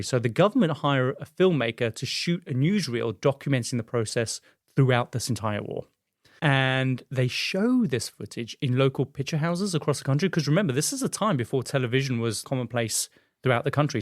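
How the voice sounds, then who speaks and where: A man casually telling a story to a friend, animated and chatty, with frequent fillers. His voice sits mid-range, and the sound is close and dry with no room around it. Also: medium pitch, no room sound. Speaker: podcast host telling a story.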